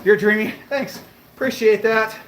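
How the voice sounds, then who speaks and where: A man livestreaming while on a treadmill, chatting casually and answering viewer comments, a bit breathy as he talks between breaths. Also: high voice, fairly even intonation, moderate pace, a bit bright, echoey room, a little hiss or hum, poor audio. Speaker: fitness livestreamer.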